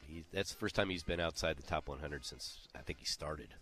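Co-host, male, very low voice with a bright forceful edge, relaxed leaderboard chat, faint music underneath. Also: brisk. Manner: runs down leaderboard, conversational with fillers. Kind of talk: casual golf chat.

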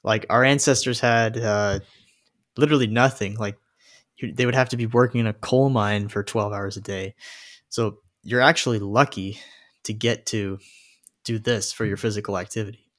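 A man co-hosts a loose fitness conversation in a medium voice. His manner is relaxed and reflective, and he laughs easily. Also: on the low side, moderate pace. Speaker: podcast co-host. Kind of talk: casual fitness chat.

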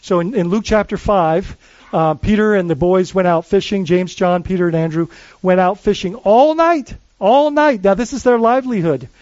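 A man who is a lead pastor, preaching a sermon in a conversational, animated way, often restarting his phrases. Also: sits high, a little fast, dry recording, muffled recording.

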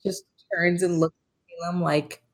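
A woman's voice: on the low side, level tone, normal speed. A woman player chatting at a tabletop game, openly emotional and gushing. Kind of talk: casual chat at a tabletop game. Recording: loud background noise.

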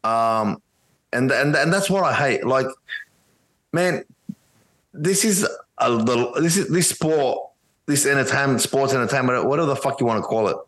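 A man's voice: mid-range voice, lively intonation, moderate pace, fairly bright tone, low-quality recording. A man co-hosting a casual wrestling podcast, ranting bluntly and swearing constantly. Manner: blunt and heavily profane ranting. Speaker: podcast co-host. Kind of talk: casual chat, wrestling review.

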